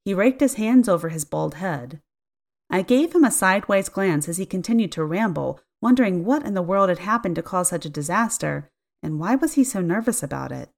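A woman's voice: on the low side, normal speed, gravelly. Woman narrating a story in the first person. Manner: expressive storytelling, acting out dialogue.

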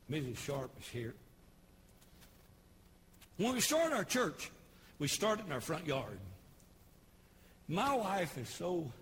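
A pastor in his sixties with a Tennessee Southern accent, preaching a folksy, humorous sermon with homespun storytelling and sudden shouted bursts. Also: medium pitch, slight background noise. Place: church service broadcast on television.

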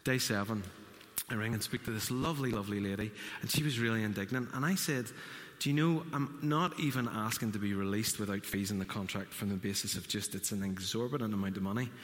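A man preaching a sermon in a bright, ringing voice. He tells a story and acts out the other speakers' lines, and his words trail off into the long reverb of a church hall. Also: fairly low pitch, quick pace. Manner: storytelling with acted-out quotes. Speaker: pastor.

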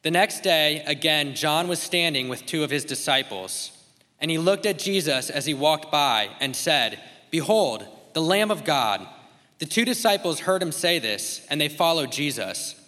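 A man reading a scripture passage aloud in a measured, deliberate way. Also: on the high side, animated, sharp tone. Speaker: scripture reader. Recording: reverberant church hall.

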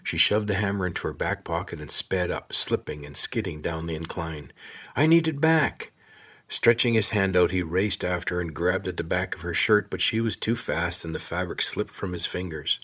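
Low husky guy reading a kids' fantasy audiobook, steady and measured. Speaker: narrator. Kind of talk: audiobook narration.

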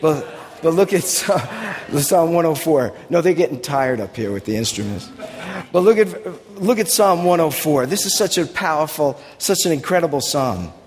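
Guy preaching, talks casual then slows way down reading verses, long hall echo. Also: a little high, lively intonation. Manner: conversational, reads scripture aloud slowly and emphatically. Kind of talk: sermon.

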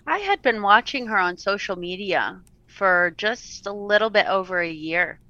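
A woman's voice: medium pitch, animated, sharp tone, dry recording, muffled recording. A woman telling her personal story as an interview guest, earnest and sometimes close to tears. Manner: earnest, tearful at times, quick laughs.

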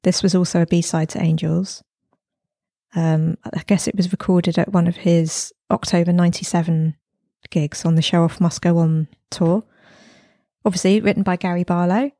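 A woman's voice: lowish voice, fairly even intonation, normal speed, mellow, no echo, studio quality. A woman co-hosting a casual podcast chat, enthusiastic and gushing, laughing often. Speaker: podcast co-host.

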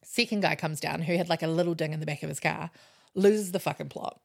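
A young woman, co-hosting a podcast and telling a story in casual, animated chat with plenty of swearing. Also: deep voice, fast talker, creaky. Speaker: podcast co-host.

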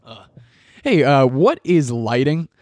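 A man's voice: medium pitch, big pitch swings, slow pace, a little mellow, dry recording. A young man hosting a solo podcast, ranting in a rambling way and swearing often. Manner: profane, rambling and ranty. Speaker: podcast host. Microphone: podcast microphone.

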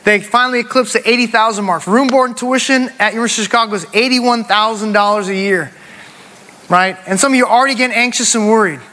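High-pitched preacher in a hall. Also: male voice, fast, sharp tone. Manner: storytelling, emphatic, addresses congregation as y'all. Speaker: pastor. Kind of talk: sermon with personal story. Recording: long hall reverb.

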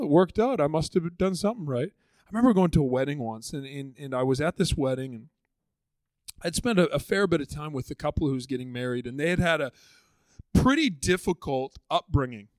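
A male pastor preaching a sermon in a fairly high voice, dramatic, dropping to hushed slow phrases and then rising again. The sound is dry and close, with little room echo. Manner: dramatic, swings from loud to hushed.

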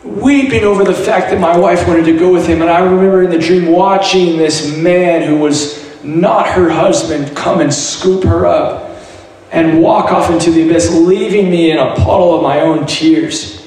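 A man sharing a personal faith testimony in an earnest, halting way, often restarting his words. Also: fairly high pitch, darkish tone. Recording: very echoey room, heard from a distance, light noise.

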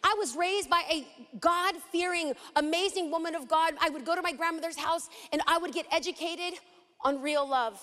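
A high-pitched woman from East Los Angeles delivers a sermon with theatrical flair, acting out little scenes as she teaches. Her voice rings with a long reverb from a large hall. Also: moderate pace. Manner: dramatic and animated, acts out scenes. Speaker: Bible teacher.

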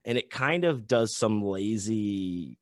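A man talking as a guest author in a casual podcast chat, loose and animated, swearing and saying "like" a lot. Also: on the low side, takes it slowly, no room sound, clean studio sound.

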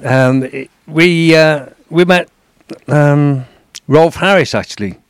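A man's voice: fairly high pitch, slow, clean tone, no room sound. A man sharing stories as a guest, often hesitant and filling gaps with ums. The sound is dry and close, with no room around it. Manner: hesitant, many fillers. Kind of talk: anecdote telling.

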